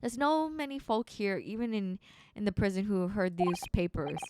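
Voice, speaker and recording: A woman's voice: medium pitch, moderate pace, darkish tone, clean tone, no echo, close to an everyday voice. A woman voicing a blunt, testy male prison guard in a broad, put-on Scottish-style brogue while reading game dialogue. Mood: gruff. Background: background music.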